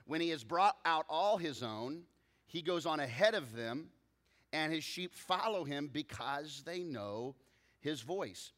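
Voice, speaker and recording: A man preaching with a somewhat raised pitch. He delivers his sermon as an animated storyteller, jumping from loud bursts to soft, low asides and often restarting his sentences. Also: measured pace, in a large hall. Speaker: pastor.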